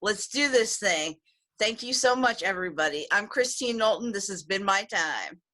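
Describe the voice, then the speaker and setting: A woman's voice: mid-range voice, moderate pace, heavy background noise. A woman from the USA doing a frank, raunchy stand-up set over a video call. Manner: bold, frank, deadpan delivery of crude jokes. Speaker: stand-up comedian.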